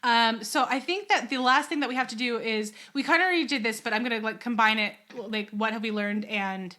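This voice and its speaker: Animated, bright-voiced woman podcast host. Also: fairly high pitch, a little fast. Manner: animated, exasperated ranting with laughter; holding a teething baby while talking. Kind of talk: casual podcast chat.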